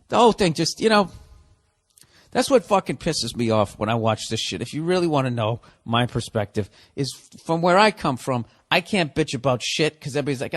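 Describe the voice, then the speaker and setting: A man rants in an exasperated, profanity-laced comic monologue, firing off rhetorical questions. His voice sits a little higher than most men's. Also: animated, a little fast, fairly bright tone, dry recording. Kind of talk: profane comedic rant.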